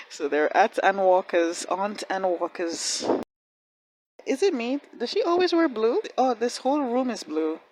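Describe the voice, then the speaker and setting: Woman, reaction video host, casual commentary, excitable, laughs a lot, answers the screen, mid-pitched voice. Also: measured pace, slight background noise, low-quality recording.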